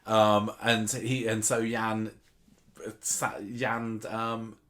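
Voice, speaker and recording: A man's voice: fairly low pitch, little pitch movement, slow pace, fairly bright tone. A man co-hosting a podcast, thinking aloud in casual chat with frequent restarts. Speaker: podcast co-host.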